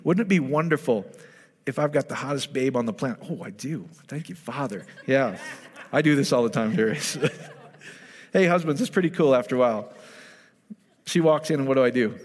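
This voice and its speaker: A man preaches with lively storytelling and often slips into the voices of the people he talks about. His voice sits at an ordinary middle pitch. A long hall reverb trails each phrase. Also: brisk, pauses often. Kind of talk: sermon.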